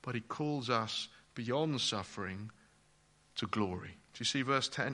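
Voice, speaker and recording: A man's voice: mid-range voice, unhurried, pushed and bright. A man preaching a sermon in an emphatic way, speaking directly to his listeners.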